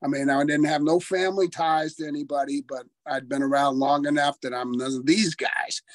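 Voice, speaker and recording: An older man recalls his wrestling days in a loose, chatty interview. He laughs often and swears freely, his voice sitting slightly high. The sound is dry and close, with almost no room echo. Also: steady tone, brisk. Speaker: former wrestler telling career stories. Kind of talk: casual interview storytelling.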